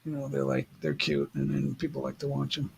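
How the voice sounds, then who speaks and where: A man's voice: medium pitch, completely flat delivery, a little fast, gravelly, husky. A man hosting a livestream, chatting casually and rambling as he reads the chat aloud. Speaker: livestream host.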